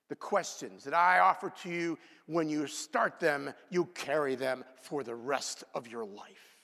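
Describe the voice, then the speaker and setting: A male preacher with a fairly high voice and a lively pitch that keeps rising and falling. He swings from ringing outbursts to hushed asides. A long reverb trails behind him, as in a large hall. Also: a little slow. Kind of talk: sermon.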